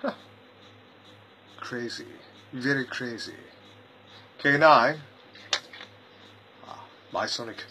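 A man playing an eccentric, chuckling gentleman time traveller who rambles and mutters to himself in a fan-made audio parody. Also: medium pitch, extremely slow, long pauses, a little hiss or hum.

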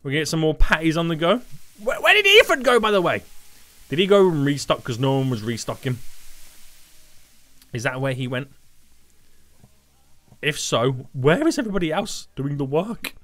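A young man giving excitable, jokey commentary over gameplay, talking to chat and teammates. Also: a little high, moderate pace, pauses often. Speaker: gaming YouTuber. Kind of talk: energetic Roblox gameplay commentary.

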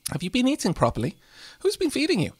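A man voicing a doting, chatty elderly grandmother who fusses over her grandchild with rapid questions. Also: very high-pitched, wildly swooping pitch, husky, no room sound, clean studio sound, pitched above the performer's own voice, heavily acted.

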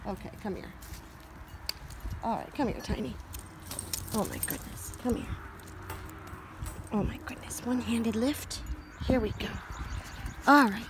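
A woman giving a casual walk-around farm vlog, chatty, switching to a high sing-song voice for her animals. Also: unhurried, pauses often. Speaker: farmer vlogger. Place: outdoors on a farm. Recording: loud outdoor noise with animal sounds.

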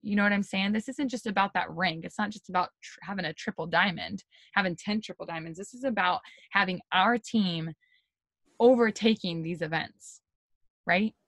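An energetic woman leads a motivational talk for her team over a video call. She talks in a chatty, excitable way, with lots of "like" and "you guys". Her voice sits at an ordinary pitch and sounds dry and close. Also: moderate pace, no room sound. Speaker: team leader giving a pep talk.

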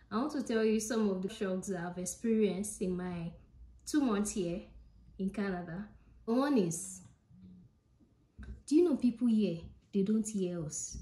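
A woman's voice: medium pitch, mellow, reverberant. A woman with a Nigerian accent talks casually to her viewers in a vlog. She is chatty and emphatic and repeats her points directly to the camera. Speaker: vlogger.

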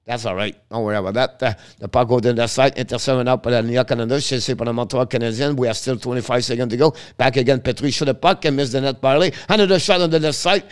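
A man calling live hockey play-by-play in halting English, breaking off to chat with viewers. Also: medium pitch, smooth. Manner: halting non-native English, rapid call of the action; chats with viewers between plays.

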